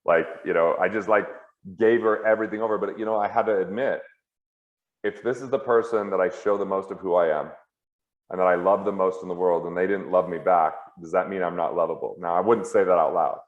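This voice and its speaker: A man as an interview guest at home, talking earnestly and candidly in quick heartfelt bursts. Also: low-pitched, steady tone. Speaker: guest, financial author and comedian. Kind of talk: earnest reflective conversation. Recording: roomy, slightly dull sound.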